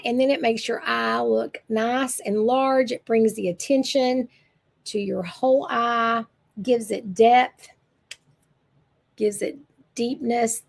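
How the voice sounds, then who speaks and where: Older woman, gravelly, slightly high voice, chatty makeup consultant demo, rambling and self-correcting. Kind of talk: casual makeup tutorial.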